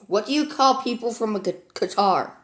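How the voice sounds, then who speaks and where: A man's voice: high voice, animated, normal speed, a bit bright. A male gamer at home giving casual commentary on a strategy map game, rambling and easily sidetracked, with lots of "like.". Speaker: gaming commentator.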